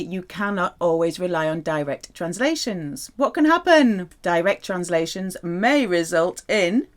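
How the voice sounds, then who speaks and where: Woman, language teacher, playful lesson voice, swooping lively pitch, middle register. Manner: playful, animated teaching with wide pitch swings. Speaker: French teacher.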